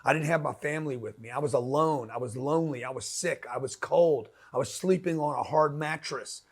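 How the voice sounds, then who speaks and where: A man's voice: on the high side, fairly quick, slightly rough. A man giving a blunt, slangy motivational talk, punchy and direct, often acting out quoted voices. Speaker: motivational business speaker.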